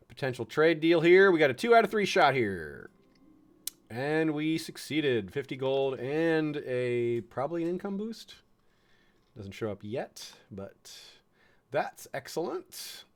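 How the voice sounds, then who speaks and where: A man's voice: mid-range voice, big pitch swings, normal speed. A man from the United States giving chatty, chuckling commentary on a strategy game, fond of puns. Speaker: game streamer.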